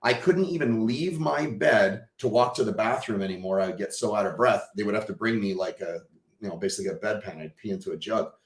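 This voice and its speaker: A man, a podcast guest, telling a personal story with emotion and acting out the dialogue, swinging from hushed to loud. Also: fairly low pitch, brisk, echoey room. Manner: vivid storyteller who acts out quoted dialogue.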